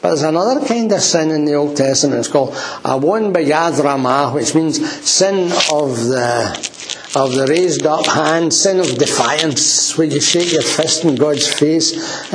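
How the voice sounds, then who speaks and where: A man's voice: a little high, measured pace, noisy background. A man preaching a sermon in a church, earnest and emphatic. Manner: earnest, emphatic, quoting scripture.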